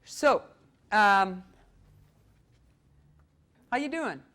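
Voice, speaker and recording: Animated Midwestern woman voice coach. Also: mid-range voice, drawn-out words. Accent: Upper Midwest American. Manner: warm, animated, breaks into short sung phrases. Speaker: voice coach and presenter. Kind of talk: library presentation talk. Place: public library meeting room.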